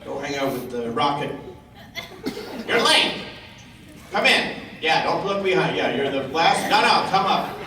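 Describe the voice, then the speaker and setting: A man jokes with a convention crowd, teasing and swearing in a sarcastic, rambling way. His voice sits a little high. It is recorded from across a big echoing hall, with steady noise underneath. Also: a little slow, long pauses. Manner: sarcastic, teasing, profane riffing. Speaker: comedic voice actor on a convention panel. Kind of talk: improvised audience banter. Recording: echoey hall, distant mic, noisy.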